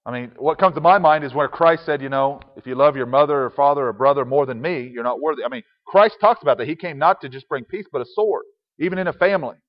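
A pastor preaching a conversational sermon with chuckling asides, reading and explaining scripture. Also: male voice, fairly high pitch, quick pace, big-room sound, dull audio.

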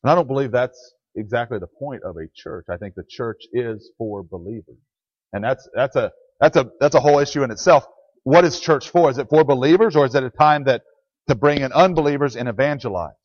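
Animated and fairly quick, a man with a medium-pitched voice preaches a conversational sermon as a church pastor, plainly answering questions he puts to the congregation. The lo-fi recording is dry and dull, with no room sound.

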